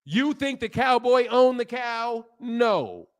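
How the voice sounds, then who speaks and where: A man's voice: extremely high pitch, very animated, slow pace, smooth. Heated slangy man lecturing on stream. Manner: heated, lecturing, loose slang, repeats himself. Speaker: livestream host. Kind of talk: casual livestream talk, answering chat.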